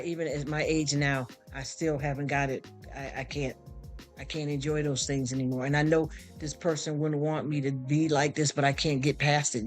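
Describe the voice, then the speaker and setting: Stream host, male, AAVE speech, emotional and sympathetic, higher-pitched voice, faint music underneath. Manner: emotional, sympathetic, repeats himself with many restarts. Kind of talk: casual live stream chat. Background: soft background music.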